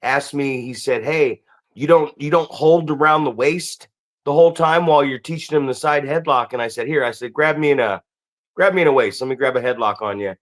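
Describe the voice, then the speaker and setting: A man's voice: mid-range voice, brisk. A man hosting a podcast who speaks bluntly in casual chat, trading stories and swearing freely. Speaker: podcast host.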